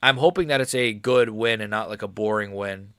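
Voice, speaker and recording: A man's voice: lowish voice, brisk, fairly bright tone, smooth, no room sound, studio quality. A young man doing casual live commentary on a fight stream, with slangy, rambling speech and blunt, mocking opinions. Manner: slangy, rambling, frequent "bro" and "like".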